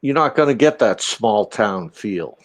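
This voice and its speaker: Man telling stories, low voice. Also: measured pace, rough recording. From Boston. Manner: storytelling, profane, animated quotes. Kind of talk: casual chat.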